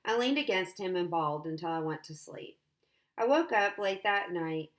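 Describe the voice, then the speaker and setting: A woman teacher reading a novel aloud to her class. Her reading is steady and plain, and her voice sits a little low. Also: normal speed.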